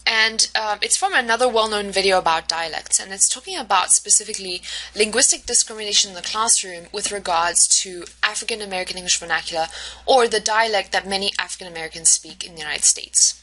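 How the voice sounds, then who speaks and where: A woman's voice: mid-range voice, fast talker, sharp tone, poor audio. A woman teacher giving a recorded lecture, explaining slide by slide with many fillers, self-corrections and "right?" checks.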